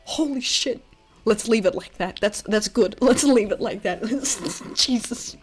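Woman game streamer, unhurried speech over loud game music, excitable and foul-mouthed. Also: on the high side. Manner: excitable, swears and laughs a lot. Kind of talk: casual gameplay commentary.

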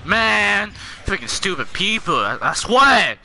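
A young man calls out a game as he plays it, yelling and swearing at the other players. His voice is high and bright and swings all over the place. It has gone hoarse from all the shouting. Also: very animated, takes it slowly, a little hiss or hum. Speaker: gamer streamer. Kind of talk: gameplay commentary.

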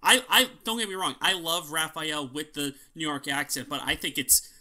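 A man's voice: a little high, normal speed, pushed and bright. A man co-hosting a podcast in casual chat, opinionated and ranting, swearing freely. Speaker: podcast co-host.

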